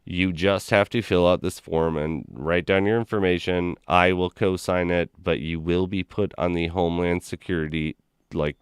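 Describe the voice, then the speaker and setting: A man's voice: low voice, fairly even intonation, normal speed, smooth, dry recording, studio quality. A man in casual chat, telling a long rambling story full of "like" and acting out the people in it. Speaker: gaming stream host.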